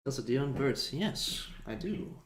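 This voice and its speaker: A man's voice: medium pitch, expressive, normal speed, reverberant, slight background noise. A young man co-hosting a livestream, chatting casually and rambling while he works on animation, laughing often. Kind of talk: casual chat while drawing.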